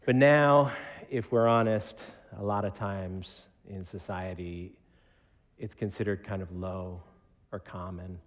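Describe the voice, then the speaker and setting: A man's voice: low-pitched, fairly even intonation, slow. A man from Connecticut, a pastor preaching a conversational, joking sermon who acts out quotes. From Connecticut, United States. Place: church. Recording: reverberant church sanctuary.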